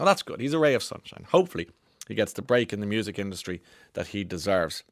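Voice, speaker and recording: A man's voice: lowish voice, sing-song, quick pace, dry recording. A man with an Irish accent hosting a radio show, reading out listener texts in a chatty way with enthusiastic interjections, on a studio microphone. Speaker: radio host.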